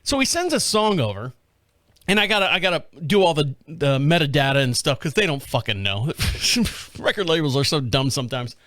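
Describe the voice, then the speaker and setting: Animated American man telling a story. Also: fairly high pitch, a little fast, dry recording, clean studio sound. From United States. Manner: rambling, animated retelling with frequent restarts and laughs; swears casually. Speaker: podcast host. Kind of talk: casual storytelling monologue.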